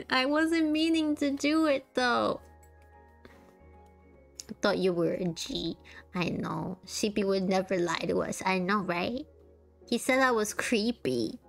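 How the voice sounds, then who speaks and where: Tired, slow-talking woman streamer. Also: fairly high pitch, creaky. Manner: tired, soft-spoken, laughs often. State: tired, sore throat. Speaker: VTuber streamer. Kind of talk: casual chat to a live chat.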